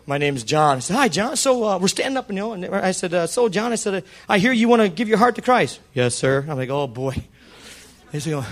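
A man's voice: high-pitched, brisk. A middle-aged male pastor preaching a story-driven sermon, acting out the dialogue in changing voices. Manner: animated, acts out dialogue with shifting voices.

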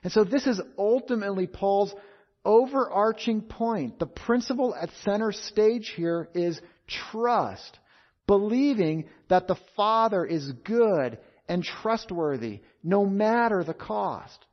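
Male preacher, high-pitched, deliberate emphatic delivery; muffled lo-fi recording. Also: expressive. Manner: measured, emphatic, repeats key phrases. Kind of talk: expository sermon. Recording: dull lo-fi sound.

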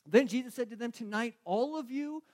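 A male pastor preaching a sermon, acting out Bible figures and swinging from loud to hushed. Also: very high voice, lively intonation, fairly quick.

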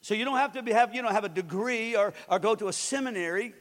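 A man delivers a lively sermon in a strikingly high voice. He swings from booming declarations to hushed asides and acts out the voices of the story. His words ring out with the long reverb of a large hall. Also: quick pace. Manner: animated, swings loud and soft, acts out voices. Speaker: preacher.

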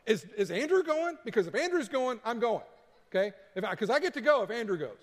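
A man voicing the apostle Peter as an anxious, protesting follower who pleads fast and stammers. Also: very high voice, big pitch swings, heavily acted. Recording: long hall reverb.

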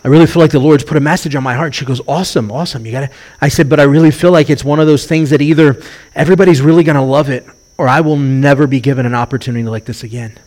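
Animated preaching man, fairly high voice. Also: very fast. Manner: animated storytelling, acts out quoted voices. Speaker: rabbi. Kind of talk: sermon.

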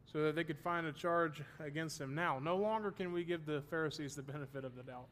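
A man's voice: a little high, brisk, a bit bright, a little hiss or hum. Man teaching a Bible study class. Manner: explains terms, checks if students follow; self-deprecating humor.

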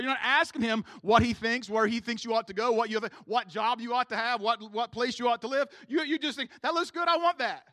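A man's voice: extremely high pitch, bright, forceful tone, no room sound, clean studio sound. A man preaching a sermon to his congregation in a casual, slangy way, often asking them to agree with him. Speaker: pastor. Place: church room with a congregation.

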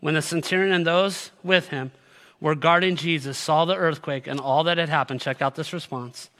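A man preaching a sermon, reading scripture aloud and swinging from loud, rising exhortation to a hushed, slow close. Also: on the high side, fairly even intonation. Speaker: pastor.

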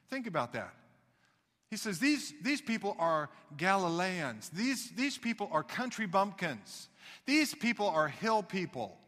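High, bright-voiced preacher. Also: male voice, long reverb tail. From United States. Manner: emphatic preaching, folksy asides. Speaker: pastor. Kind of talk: sermon.

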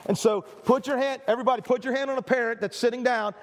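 Emphatic, high-voiced preacher man in a hall. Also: steady tone, fast talker. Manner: earnest and emphatic, with stammered restarts and repeated phrases. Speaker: pastor. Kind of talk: sermon. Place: church hall. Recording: reverberant church hall.

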